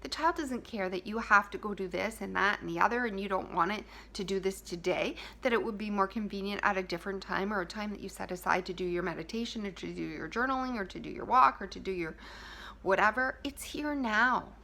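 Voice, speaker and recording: A woman gives her viewers a heartfelt self-help talk, speaking softly and intimately, sometimes dropping to a whisper and repeating key phrases. Her voice is mid-range and creaky, and she talks briskly.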